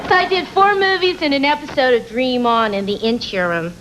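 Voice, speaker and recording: High-voiced chatty woman on a talk show. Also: sing-song, a little fast, fairly bright tone, a little hiss or hum, rough recording. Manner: chatty, rambling, self-mocking. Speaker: actress guest.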